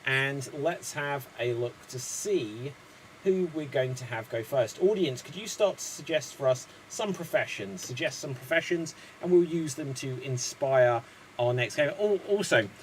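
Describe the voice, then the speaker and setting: A man's voice: mid-range voice, animated, measured pace, a little hiss or hum, rough recording. A man hosting an online improv comedy show, chatty and rambling.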